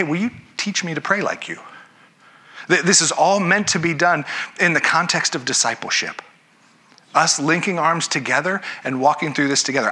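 Bright-voiced man preaching a sermon. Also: on the high side. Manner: conversational, self-correcting, asks the congregation questions. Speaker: pastor.

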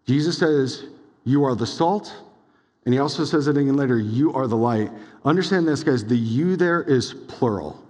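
A young adult man preaching a sermon as pastor, casual and animated, full of "like"s and quick asides. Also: mid-range voice. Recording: long hall reverb.

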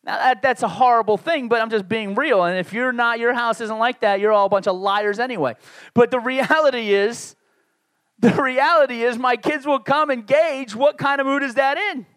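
A man's voice: very high voice, moderate pace, fairly bright tone, no room sound, studio quality. A man in his forties, raised in the Northeastern United States, preaching a sermon in a candid, conversational way with self-deprecating asides. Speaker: pastor.

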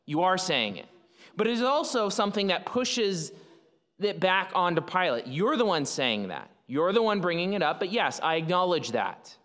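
A man's voice: high-pitched, big pitch swings, moderate pace, fairly bright tone. A male pastor preaching a sermon in an explanatory way, often restarting phrases and using fillers. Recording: long hall reverb.

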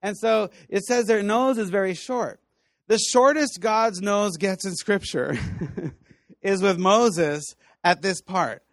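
A man with a fairly high voice teaches scripture to a room of students, animated and playful. He acts out the people in his stories and laughs often. The sound is dry and close. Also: takes it slowly, no echo. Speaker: Bible teacher. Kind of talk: lively teaching talk to students.

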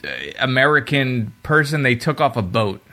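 A man with a bright, forward tone chats on a podcast. His pitch sits in an ordinary middle range. He talks fast and piles on opinions, now and then slipping into a mocking voice to quote a character. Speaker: podcast co-host. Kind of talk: casual podcast discussion.

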